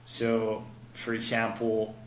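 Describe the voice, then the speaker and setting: A man's voice: fairly low pitch, completely flat delivery, slow pace, reverberant, slight background noise. A man explaining dating advice on a podcast in a coaching tone. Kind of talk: podcast conversation.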